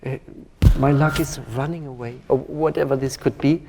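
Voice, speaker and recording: A man coaches a violin masterclass, speaking thoughtfully with hesitant phrasing and singing phrases to demonstrate. His voice is medium-pitched, gravelly and fairly even in intonation, at a moderate pace. The reverberant hall carries violin music and a noisy background.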